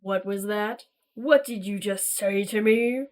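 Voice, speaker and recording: A woman voicing a menacing male emissary from a dark realm, speaking in slow, ominous, drawn-out threats. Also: medium pitch, pitched below the performer's own voice, close to an everyday voice. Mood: threatening.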